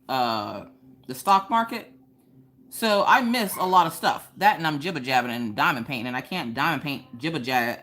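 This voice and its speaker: Crafting at home on her livestream, this young host talks in a low-pitched, relaxed way. Her animated rants get punctuated by abrupt, high exclamations.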